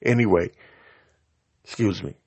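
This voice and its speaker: A man's voice: sits low, expressive, unhurried, a little mellow. A man hosting his own podcast, delivering an angry, heated, profanity-laced rant and tripping over his words. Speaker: podcast host. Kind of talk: ranting solo podcast.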